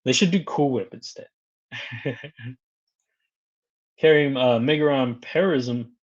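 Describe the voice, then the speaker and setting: A man with a mid-range voice speaks slowly while hosting a casual live stream, and the recording sounds muffled. He's chatty, greeting viewers by name, reading their comments aloud and laughing often between remarks.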